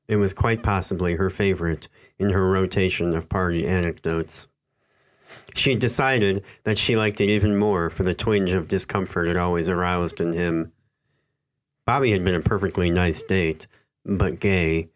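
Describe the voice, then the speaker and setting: A man with a very deep voice narrates a literary horror tale. His reading is slow, measured and somber, scripted storytelling from start to finish.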